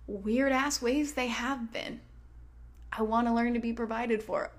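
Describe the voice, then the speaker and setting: A woman's voice: fairly high pitch, steady tone, a little slow. A woman hosting a self-help podcast, talking casually and swearing freely. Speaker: podcast host. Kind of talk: motivational self-help talk.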